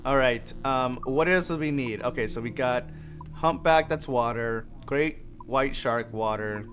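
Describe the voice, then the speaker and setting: A man hosting a casual gaming playthrough, chatting as he plays and breaking into sudden high yelps. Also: unhurried. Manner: chatty, animated, bursts into high yelps and shouts. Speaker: gaming channel host. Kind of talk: casual let's-play commentary.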